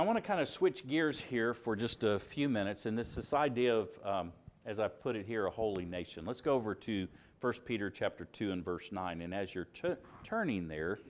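A man with a Southern US accent preaching a sermon, stressing key words by rising, dropping and slowing down. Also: fairly low pitch, slight background noise. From Alabama, US. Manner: emphatic, rises and drops for stress, slows on key words.

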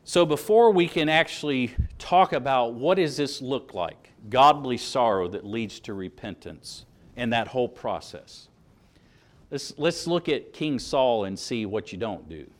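Male pastor, animated sermon delivery, reads scripture with swelling emphasis. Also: mid-range voice, measured pace. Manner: animated preaching, reads verses aloud with rising emphasis.

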